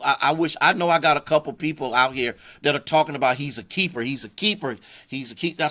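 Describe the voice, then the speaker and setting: Fervent pastor, slightly high voice. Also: male voice, pushed and bright. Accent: American. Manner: greets online viewers by name, fervent and personal; many restarts and repeated words. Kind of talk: live-streamed sermon.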